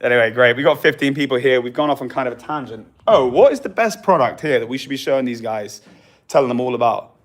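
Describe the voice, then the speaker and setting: Casting: young male vlog host, chatty, easy laugh, mid-pitched voice. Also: lively intonation, quick pace. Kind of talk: casual livestream chat.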